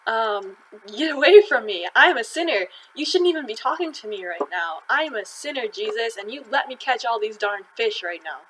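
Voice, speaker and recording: Tired fed-up fisherman dude, woman doing him, plain talk, kinda loud. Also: high-pitched, lively intonation, normal speed, few pauses, slight background noise, low-quality recording. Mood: ashamed. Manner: exasperated, plain-spoken. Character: weary fisherman Simon, a grown man.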